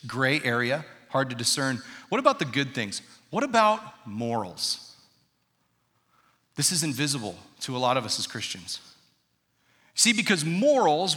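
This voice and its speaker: A high-pitched, pushed, bright voice comes from a thirty-something pastor mid-sermon. In a large, reverberant church auditorium, he keeps a conversational tone and questions the congregation.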